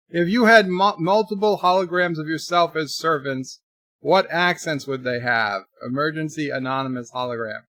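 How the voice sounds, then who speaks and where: A man's voice: fairly high pitch, moderate pace, pushed and bright, no echo. A man hosting a casual livestream, reading viewer questions and rambling as he tries out silly put-on accents. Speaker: livestream host. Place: home.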